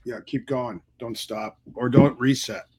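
A middle-aged man speaks as a guest, casually retelling old stories. He slips into the voices of the people he quotes, and his voice sits at an ordinary middle pitch. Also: unhurried, husky. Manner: animated storyteller acting out quoted dialogue. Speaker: martial arts instructor, guest. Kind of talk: casual storytelling interview.

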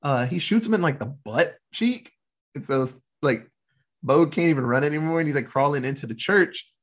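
A man hosting a casual podcast and recapping a movie in an animated, swearing, laughing storytelling style. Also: a little high, normal speed. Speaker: podcast host.

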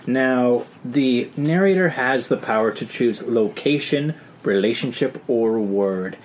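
A man co-hosting a casual group podcast, relaxed and self-deprecating. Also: medium pitch, takes it slowly, slight background noise. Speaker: podcast co-host.

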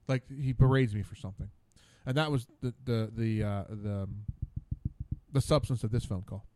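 A man's voice: medium pitch, expressive, normal speed, a little mellow, dry recording. A man hosting his own radio show, rambling casually alone at a studio mic, stammering and repeating words in exasperation.

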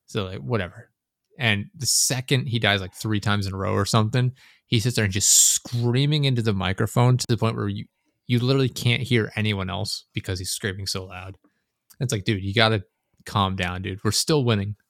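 Swearing, laid-back low-voiced podcast host. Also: male voice, brisk, vocal fry, fairly bright tone, dry recording, clean studio sound. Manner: rambling, swears often, laughs a lot. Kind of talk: casual gaming podcast chat.

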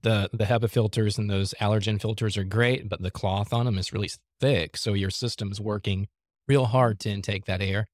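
A man's voice: fairly low pitch, fairly even intonation, normal speed, no room sound, studio quality. A man who works as a home inspector, answering questions in a casual podcast interview in a practical, easygoing way.

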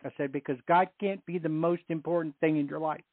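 A man's voice: on the high side, steady tone, brisk, dry recording. A middle-aged man on a Catholic radio show, sharing his story and teaching on faith in an earnest way, repeating phrases for emphasis. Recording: tinny phone line.

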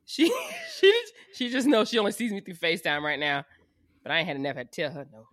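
Woman, low voice, bright tone, swoops around a lot, cussing and laughing in casual podcast chat. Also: very animated, quick pace, no echo, studio quality. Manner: frank, profane, laughing often. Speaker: podcast co-host.

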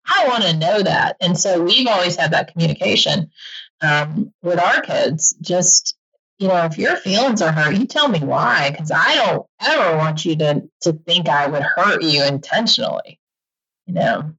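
A middle-aged woman speaks as a guest in a casual interview, candid and animated, laughing often. Her voice is bright and forceful, sitting a bit low in pitch. The audio is dull and lo-fi. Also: normal speed, husky. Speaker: podcaster and author guest.

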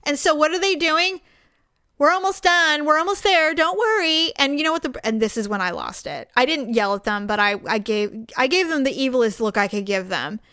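Woman, higher voice, dry room; indignant animated storyteller in casual chat. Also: fairly quick, few pauses, no echo.

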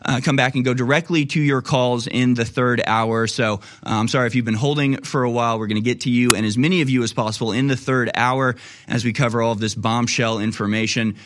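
A man's voice: medium pitch, fairly even intonation, brisk, fairly bright tone. A man hosting a political talk radio show, quoting articles and rebutting them with indignant emphasis. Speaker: radio host.

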